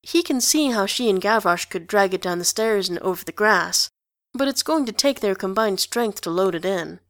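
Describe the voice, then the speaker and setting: A woman narrating a story in an even, conversational reading. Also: medium pitch, normal speed, no room sound, clean studio sound. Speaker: reader. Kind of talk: audiobook narration of fan fiction.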